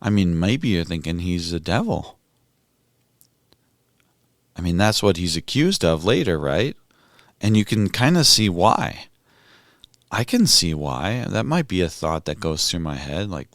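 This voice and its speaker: A man's voice: deep voice, very animated, a little slow, pauses often, fairly bright tone, no echo, studio quality. A man hosting a podcast, reflecting on a scripture reading in a musing, conversational way. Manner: musing, conversational, thinks aloud with restarts. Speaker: podcast host.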